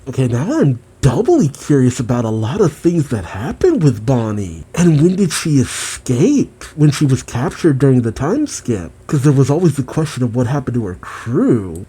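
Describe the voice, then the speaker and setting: Husky man reacting to a manga chapter. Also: medium pitch, normal speed, hardly any pauses. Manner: expressive, exclamatory, mildly profane.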